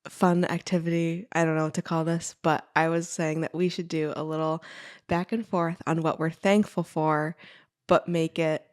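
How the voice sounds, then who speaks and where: A woman's voice: low-pitched, flat delivery, moderate pace. A middle-aged woman co-hosting a podcast, easygoing and laughing as she trails off mid-sentence. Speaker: podcast co-host. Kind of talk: casual chat.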